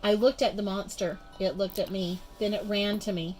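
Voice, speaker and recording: A woman reading a children's storybook aloud in an expressive, measured way. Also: mid-range voice, a little hiss or hum. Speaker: storybook reader. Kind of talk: children's book read-aloud.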